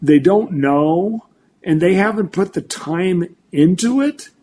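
Older male weather forecaster in his sixties, animated, restarting sentences, faint background noise. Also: sits high, takes it slowly. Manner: animated, full of restarts and repeats. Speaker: meteorologist guest. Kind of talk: casual talk show chat.

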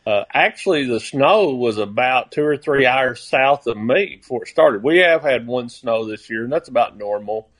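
A man from Arkansas with a Southern accent, talking as a guest on a farm radio show. His voice is middle-pitched. He speaks in an easygoing, plainspoken way. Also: lively intonation, moderate pace, few pauses, fairly bright tone. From Arkansas, USA. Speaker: guest, rice farmer. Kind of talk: radio interview.

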